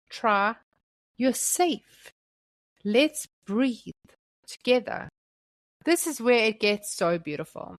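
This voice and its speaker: Slow, gentle woman teaching parents. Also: on the high side, no room sound. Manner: slow, gentle and deliberate, short emphatic phrases. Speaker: Christian parenting podcast host. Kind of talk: scripted devotional teaching.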